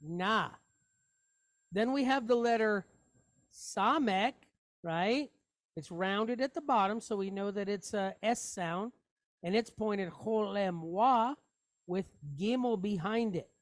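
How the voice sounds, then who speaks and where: A woman's voice: medium pitch, slow, no echo, studio quality. A woman teaching a Hebrew reading lesson, sounding out each word step by step and asking rhetorical questions as she goes.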